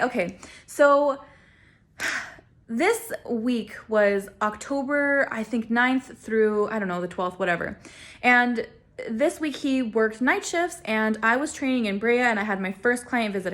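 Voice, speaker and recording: A young woman vlogger tells a personal story to camera, casual and self-mocking. Her tone is fairly bright, she laughs often, and she acts out quoted lines with big pitch swings.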